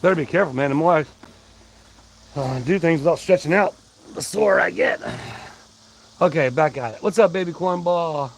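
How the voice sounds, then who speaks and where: A man's voice: a little high, moderate pace, vocal fry, pauses often, slight background noise, low-quality recording. A man hosting a casual livestream, rambling in a folksy way and greeting his chat by name. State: out of breath. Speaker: livestream host. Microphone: wireless mic worn on body.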